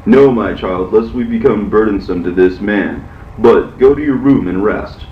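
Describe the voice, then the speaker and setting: An old patriarch speaking tenderly to his son and wife, read by a man. The low voice moves slowly and solemnly. It sounds a little muffled, with faint ambience behind it. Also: slight background noise, close to an everyday voice. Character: aged patriarch, tender father and host. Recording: echoey, muffled, from far off.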